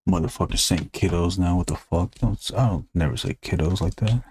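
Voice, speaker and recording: A man's voice: low voice, fairly quick, darkish tone, a little hiss or hum. A man hosting a drawing live stream, chatting casually in a rambling, joking way and swearing freely. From United States. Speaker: artist and live stream host.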